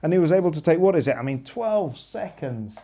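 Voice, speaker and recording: A man's voice: on the high side, expressive, brisk, warm tone. A man chatting casually as a rally journalist in a review, agreeable and thoughtful.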